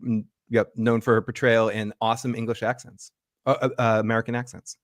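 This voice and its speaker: A man's voice: mid-range voice, level tone, brisk, no room sound, clean studio sound. A man co-hosting a casual livestream, talking enthusiastically with swearing and rambling asides. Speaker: livestream co-host. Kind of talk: casual call-in livestream chat.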